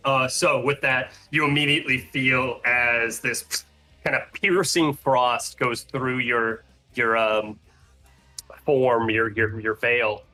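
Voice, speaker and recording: A man's voice: medium pitch, steady tone, takes it slowly, sharp tone, soft background music. A man narrating as game master, rambling with fillers and restarts. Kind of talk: narrating a tabletop game over a call.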